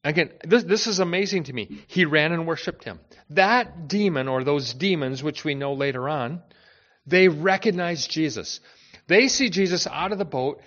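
A man preaching a sermon in a conversational, animated way, with many asides to the listeners. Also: on the high side, moderate pace, muffled recording. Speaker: pastor.

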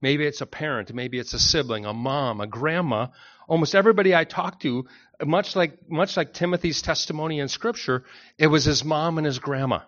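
A pastor delivers an expository sermon in a relaxed, conversational way, talking straight to the congregation. His voice sits a little high for a man. The recording is dull and lo-fi. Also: normal speed. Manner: conversational, anecdotal, addresses the congregation directly. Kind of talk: expository Bible teaching sermon.

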